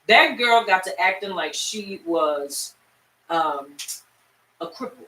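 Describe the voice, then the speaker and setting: Woman Bible-class teacher, animated storyteller, bright tone, distant echoey room mic. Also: mid-range voice, takes it slowly. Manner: lively storyteller, talks straight to the class.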